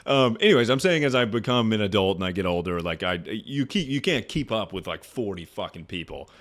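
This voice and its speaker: Young male streamer, slightly low voice, loose and profane, laughs through his advice. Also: lively intonation, fairly quick, fairly bright tone. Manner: rambling, profane, laughs often. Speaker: streamer giving advice to chat. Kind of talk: casual livestream chat.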